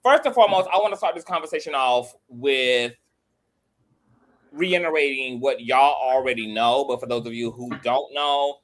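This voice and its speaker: A male host chatting with guests over a video call, his medium-pitched voice full of sass. His pitch jumps sharply upward in his livelier moments before settling back into easy, drawn-out talk. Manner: animated, sassy, pitch leaps up when excited. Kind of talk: casual panel chat.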